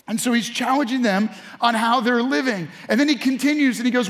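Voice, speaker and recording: Male pastor, high voice, animated sermon delivery, long church reverb. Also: brisk. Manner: animated preaching with audience call-outs. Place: church sanctuary.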